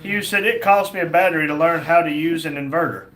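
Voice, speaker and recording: A man's voice: fairly high pitch, fast. A man co-hosting a casual livestream, worn out and a bit out of breath, reading viewer comments with a joking drawl. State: tired, out of breath. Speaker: livestream co-host. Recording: echoey room with faint background noise.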